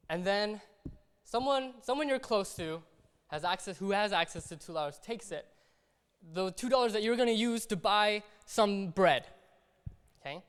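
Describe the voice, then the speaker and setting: A man preaching a sermon in a conversational way, acting out little everyday scenes as he talks. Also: high voice. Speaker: pastor. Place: church hall. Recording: long hall reverb.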